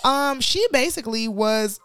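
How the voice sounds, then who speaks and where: A woman's voice: on the high side, lively intonation, unhurried, a bit bright, faint music behind. A young adult woman co-hosting a casual pop-culture podcast, frank and opinionated, chatting with plenty of fillers. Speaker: podcast co-host.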